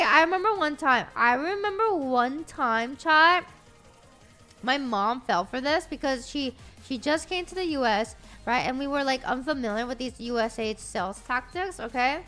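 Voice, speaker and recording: A woman streamer chatting excitedly with her live chat. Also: high voice, normal speed, faint music behind.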